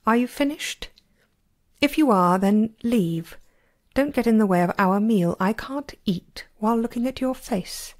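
A delicate young girl disciple gives crisp, cutting retorts, as a woman reads her. The delivery stays cool and measured. It is an amateur storybook reading. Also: a little high, darkish tone. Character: sweet young female disciple turned sharp-tongued.

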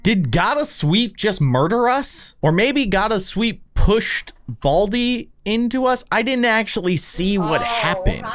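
A man in his thirties hosting a let's-play at home, excitably gasping and laughing as he comments on a scary game. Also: fairly high pitch. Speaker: gaming video host. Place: home with his young son nearby.

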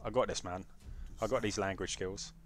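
A young British man doing excitable, jokey live gameplay commentary and chatting with his viewers. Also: on the low side, normal speed, a little hiss or hum. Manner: excitable banter with chat, jokey. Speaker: game streamer.

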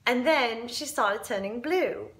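A woman's voice: on the high side, animated, a little slow, fairly bright tone. A woman playing a spoiled, spiteful young woman who gloats over a rival, giggling, mocking and dropping into sly whispers. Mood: gloating. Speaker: actor auditioning. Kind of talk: audition monologue.

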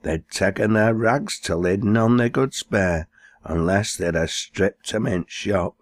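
Man, Lancashire accent, poetry recitation, very low voice, slow unhurried delivery, dry close sound. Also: no room sound. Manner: recites broad dialect verse, lifting his voice for quoted characters. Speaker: poetry reader.

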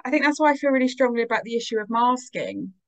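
A woman as a podcast guest, talking in a casual, animated way and acting out her own inner dialogue. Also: fairly high pitch, fast talker. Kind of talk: casual conversation.

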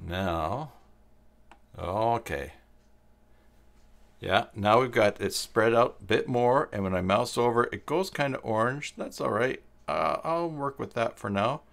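A man hosting a live-stream web design tutorial, thinking aloud as he works and answering chat viewers, halting often with pauses and fillers. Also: mid-range voice, vocal fry, fairly bright tone. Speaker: tutorial host.

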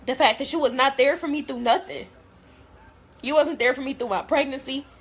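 A woman's voice: high voice, a little fast. A young adult woman vlogger in a blunt, profane, hurt and heartfelt rant to camera.

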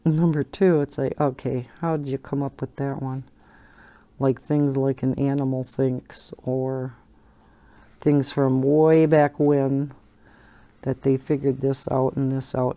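A woman's voice: very deep voice, level tone, slow pace, warm tone. A woman hosting a coloring channel, chatting casually and rambling, often breaking into laughter. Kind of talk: casual chat while coloring.

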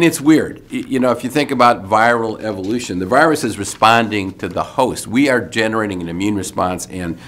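An older man with a somewhat low voice talks through a weekly briefing in a relaxed, conversational way. He drops in wry asides, and his sentences often restart. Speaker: medical school leader giving a weekly video update. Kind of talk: informal spoken briefing.

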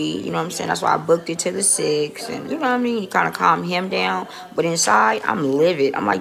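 Chatty woman with a gravelly voice. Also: on the low side, quick pace, hardly any pauses, a crowd in the background. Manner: chatty and rambling, swears often. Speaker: vlogger. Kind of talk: casual phone vlog. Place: dentist office. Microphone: phone held close.

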